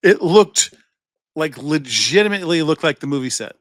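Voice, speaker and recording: A man's voice: fairly high pitch, animated, moderate pace, dry recording. A man co-hosting a casual podcast, rambling through stories, acting out other people's lines, swearing and laughing often. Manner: rambling storyteller, acts out quoted voices, swears, laughs often. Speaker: podcast co-host. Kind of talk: casual chat.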